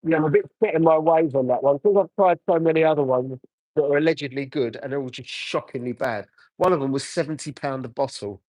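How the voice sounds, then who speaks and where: A man's voice: a little high, a little mellow, no echo. Chatty man detailing a car. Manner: chatty, answers viewer comments while cleaning. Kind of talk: casual live chat while working. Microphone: phone.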